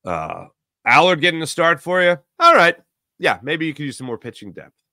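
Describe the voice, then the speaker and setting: A man hosting a live morning sports talk show, giving opinionated, rambling takes with sudden animated bursts. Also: a little high, normal speed, no echo, clean studio sound. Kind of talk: solo sports radio monologue.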